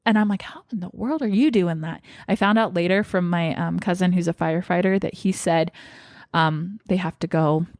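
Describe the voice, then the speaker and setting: Young woman vlogger, candid and emotional, a slightly low voice, close and dry. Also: normal speed, darkish tone, no room sound. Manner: emotional, shaky and tearful at times. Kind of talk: personal storytelling.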